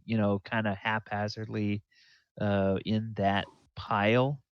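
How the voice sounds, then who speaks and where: A man narrating as game master of a tabletop game, unhurried, with fillers and pointing at the map. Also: fairly low pitch, level tone, clear, resonant tone, dry recording, highs cut off.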